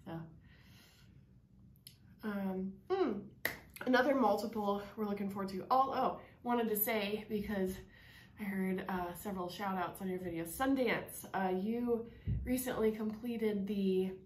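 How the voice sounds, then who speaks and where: This channel co-host, a woman in her thirties, speaks in a steady, unhurried, mid-range voice during a spicy food challenge at home. She rambles casually with many fillers while her mouth burns and drools, and the room echoes with a faint hiss.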